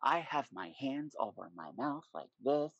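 Guy guest on a podcast, animated and swears a lot, middle pitch, dry close sound. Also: unhurried, no echo, dull audio. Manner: animated, profane storyteller. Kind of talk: casual chat.

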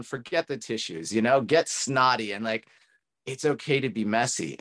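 A man's voice: mid-range voice, a bit bright. Earnest man talking about healing. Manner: earnest, encouraging, speaks in reflective run-on thoughts. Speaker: tantra coach and guest. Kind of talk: casual podcast conversation.

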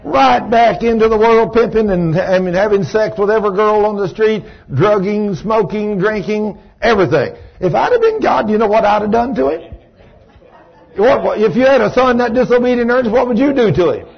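Husky, animated male preacher. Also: high voice, normal speed. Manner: animated storytelling, asks the congregation questions. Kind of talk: sermon. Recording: dull lo-fi recording.

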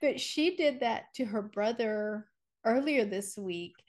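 Woman, 40s, podcast co-host; higher voice, casual chat, animated storyteller who laughs a lot. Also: takes it slowly. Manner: animated storyteller, laughs often, acts out scares.

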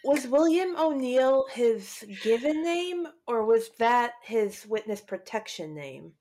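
Slow-talking, playful woman. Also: on the high side, big pitch swings, warm tone. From United States. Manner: playful, teasing, quick to laugh. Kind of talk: casual chat.

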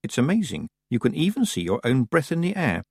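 A man reading an audiobook, voicing a young girl's calm, wry inner voice. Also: medium pitch, fairly quick, husky, no echo, clean studio sound, heavily acted. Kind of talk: audiobook character voice.

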